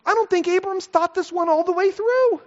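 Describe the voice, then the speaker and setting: Speaking at a moderate pace in a very high voice, a middle-aged pastor delivers a chatty expository sermon full of side comments and rhetorical questions. The hall echoes, and the sound is a bit dull.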